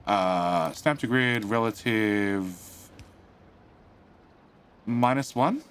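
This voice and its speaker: A man's voice: fairly low pitch, very slow, a bit bright, a little hiss or hum. A man streaming a building game live, muttering through his build and chatting with viewers. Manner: reads out and greets chat. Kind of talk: live gameplay commentary.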